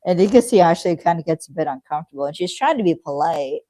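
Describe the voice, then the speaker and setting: A woman chatting casually about a TV episode, relaxed and rambling, swearing freely. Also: fairly low pitch, quick pace, dry recording, rough recording. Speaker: co-host. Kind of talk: casual chat reacting to a TV episode.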